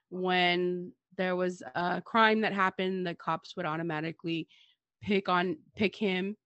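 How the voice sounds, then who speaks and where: Woman co-host, somewhat low voice, dry sarcastic wit, close dead sound. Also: fairly bright tone, dry recording, lo-fi sound. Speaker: podcast co-host. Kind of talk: casual history discussion.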